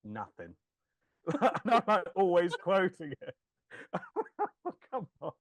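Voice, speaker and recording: This podcast co-host has a high voice and speaks slowly on a dry recording. The chat is casual and lively, full of laughter, swearing and acted-out quotes.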